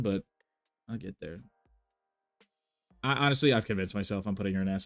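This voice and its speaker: A man's voice: fairly low pitch, a little fast, pauses often, fairly bright tone, soft background music. A man chatting casually on a live stream, thinking aloud with many fillers and restarts. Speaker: reaction streamer.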